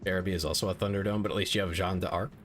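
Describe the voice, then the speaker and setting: A man streaming a strategy game speaks rapid-fire in a low, fairly bright voice with a steady tone, faint music behind him. Into his desk microphone he rambles casually, mocking himself and filling gaps with "like."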